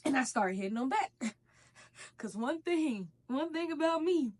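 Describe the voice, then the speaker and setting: A woman's voice: sits high, expressive, unhurried, a little mellow. A young woman telling a casual storytime while eating, in a slangy, profane, conversational way. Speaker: vlogger.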